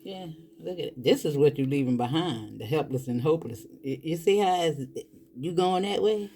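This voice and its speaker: Animated low-voiced woman reading tarot. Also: moderate pace, background noise. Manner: animated, exclaiming, talks straight to viewers as boo and y'all. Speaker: tarot reader. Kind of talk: casual tarot reading to viewers.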